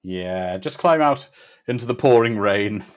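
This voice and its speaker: A man's voice: fairly low pitch, expressive, a little slow. A man making wry, dry jokes in a casual watch-party film commentary. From Britain. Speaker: co-host.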